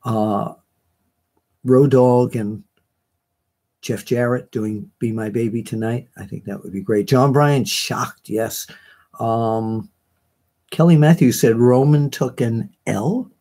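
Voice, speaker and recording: Mellow-voiced man hosting a chatty live show. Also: medium pitch, slow, long pauses. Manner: chatty, rambling, with many fillers and self-corrections. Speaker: host of a live online wrestling show. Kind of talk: casual live chat reading viewer comments.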